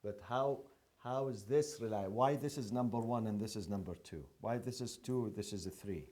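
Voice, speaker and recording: A man's voice: lowish voice, normal speed, mellow. A man teaching a classroom lecture, asking the class questions and repeating key terms.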